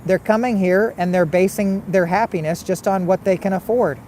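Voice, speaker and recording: A man's voice: high voice, steady tone, moderate pace, a little mellow, a little hiss or hum. A man hosting a casual livestream, reading viewer comments and arguing back with repeated rhetorical questions. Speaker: livestream host.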